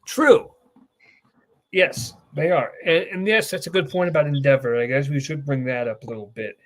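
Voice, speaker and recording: A young man hosting a casual wrestling chat, an excitable storyteller who swears freely. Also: a little high, normal speed. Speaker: podcast host.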